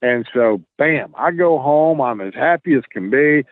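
A man, a guest telling an animated story and acting out the dialogue. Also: medium pitch, a little slow, no room sound. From Tennessee, US. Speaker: guest, wrestler. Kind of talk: casual storytelling. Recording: tinny phone-like line.

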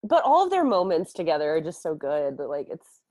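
Woman co-host, casual movie chat, animated delivery, dry close sound. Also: low-pitched, fairly quick, dry recording. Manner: playful, wry, lively. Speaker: podcast co-host.

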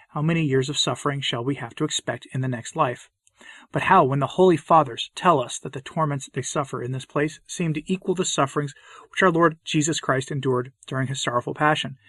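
A man delivers a solemn, impassioned sermon in a husky, slightly breathy voice. His pitch sits in an ordinary middle range. The recording is dry and close, with no room sound. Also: fairly bright tone, no room sound. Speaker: preacher. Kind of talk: sermon reading.

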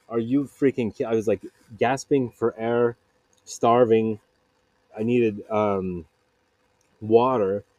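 A man's voice: mid-range voice, darkish tone, dry recording. Guy rambling on his own podcast, self-mocking, dry little vocal booth. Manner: digressive, self-mocking, quotes people in put-on voices. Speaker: podcast host. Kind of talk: rambling solo podcast monologue. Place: makeshift home vocal booth.

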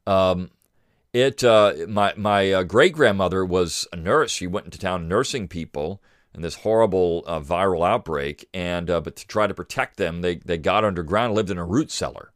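A middle-aged man talks through his solo podcast in a deep voice. He rambles, restarts sentences and leans on fillers. The recording is dry and close, with no room sound. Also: normal speed, dry recording. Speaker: podcast host. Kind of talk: casual solo commentary.

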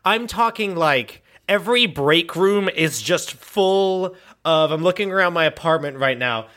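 A man riffing in casual chat, animated and profane, telling a story through laughs. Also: fairly high pitch, a little slow. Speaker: co-host improvising a campaign.

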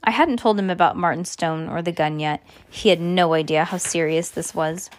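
Lady reading a kids story, lowish voice, dead dry close mic, steady and earnest. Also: moderate pace, hardly any pauses, no echo. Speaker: audiobook narrator. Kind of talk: first-person storybook narration.

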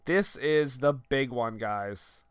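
A man's voice: mid-range voice, slow, clean tone, no echo, studio quality. A man co-hosting a comedy awards bit, stammering and laughing often in casual banter. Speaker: co-host presenting mock awards.

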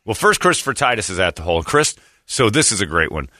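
A man's voice: lowish voice, fast, dry recording, clean studio sound. A man hosting a radio show, telling a story in casual chat and acting out the people he quotes. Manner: animated storyteller, acts out quoted voices.

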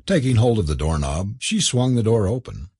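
A man narrating a novel aloud in an expressive, theatrical reading. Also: lowish voice, normal speed, dry recording, clean studio sound. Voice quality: husky. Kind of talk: audiobook narration.

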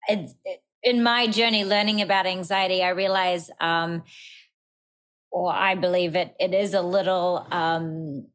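A woman's voice: lowish voice, steady tone, a little slow, fairly bright tone. A woman hosting a podcast, speaking openly and personally, with hesitant restarts. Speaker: podcast host. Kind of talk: casual podcast chat.

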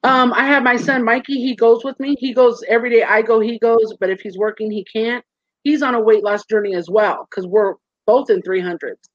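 A woman in her thirties speaks as a guest in a candid interview, earnest and animated, slipping into other people's voices as she tells stories. Her voice sits fairly high. The sound is dry and muffled, like a lo-fi video call. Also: brisk, dry recording.

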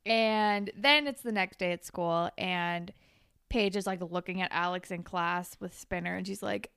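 Smooth-voiced young woman recapping a show. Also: fairly low pitch, measured pace, fairly bright tone, dry recording, clean studio sound. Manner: chatty, swears, acts out quotes. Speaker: podcast co-host. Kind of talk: casual recap chat.

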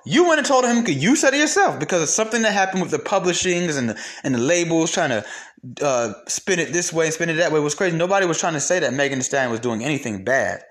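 A man's voice: a little high, animated, fast, fairly bright tone. A young man hosting solo commentary, blunt and profane, ranting with mocked quotes. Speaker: commentary host.

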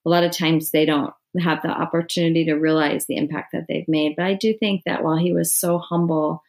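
A middle-aged woman, an author, telling her story in an interview with frequent restarts and soft laughs. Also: low voice, gravelly. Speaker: author guest.

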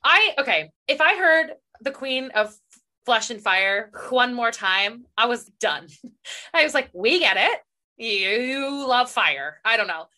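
A woman co-hosting a casual book chat, rambling and expressive, quick to laugh. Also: fairly high pitch. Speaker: podcast co-host.

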